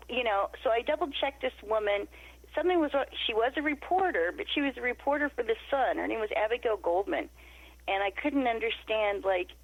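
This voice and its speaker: Here a middle-aged woman from Nevada, her voice a little high and dryly recorded, guests on a podcast interview. She tells a story with animation, voicing the quoted dialogue herself. It comes through muffled, lo-fi remote audio.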